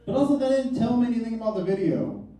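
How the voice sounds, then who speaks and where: Comedian in his thirties, self-mocking and wry, with a soft, mellow tone; the recording is distant. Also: extremely high pitch, big pitch swings, fast. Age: 30s. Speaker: stand-up comedian. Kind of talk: stand-up comedy set. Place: comedy club stage. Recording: echoey club, mic from far off.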